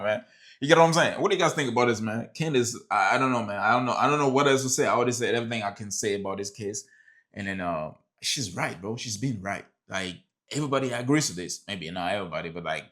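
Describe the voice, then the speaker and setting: A man's voice: mid-range voice, a bit bright. Slangy man reacting to a clip. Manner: loose and slangy, says bro and man a lot. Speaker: reaction video host. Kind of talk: casual reaction commentary.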